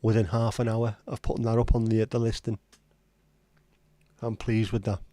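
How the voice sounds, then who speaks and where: A man's voice: lowish voice, little pitch movement, normal speed, warm tone, dry recording. A man hosting a livestream in casual, rambling chat, blunt and now and then swearing. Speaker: livestream host.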